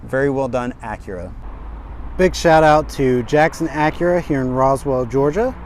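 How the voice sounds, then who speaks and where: A man giving an energetic, chatty walkaround car review outdoors at a dealership, talking straight to his viewers. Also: mid-range voice, moderate pace, slight background noise.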